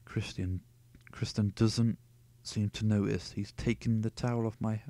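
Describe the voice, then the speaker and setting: Man, lower voice, home reader of a novel, sardonic asides between passages. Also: level tone, normal speed, dark tone. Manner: sarcastic, cuts in with profane asides. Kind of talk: reading a novel aloud with jokey asides.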